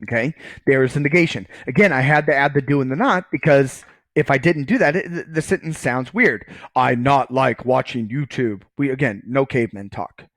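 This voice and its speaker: A man's voice: medium pitch, expressive, brisk, a bit bright, no room sound. A man giving a recorded math lecture, casual and joking, often checking in with "okay" while writing on screen. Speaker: college math professor.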